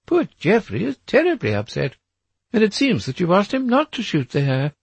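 A lilting, high-pitched society lady who teases and banters in a crisp, dry storybook reading, as a male narrator puts her on. Her voice swoops widely and carries a gravelly edge underneath. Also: wildly swooping pitch, normal speed, no room sound, full character voice. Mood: teasing. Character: high-born woman, teasing and playful.

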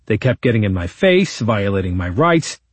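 A man's voice: fairly low pitch, very animated, normal speed, husky, no room sound. A man voicing a surly, profane courtroom witness. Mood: indignant. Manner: blunt, profane and exasperated. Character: surly defiant male witness on the stand. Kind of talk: quoted testimony in audiobook narration.

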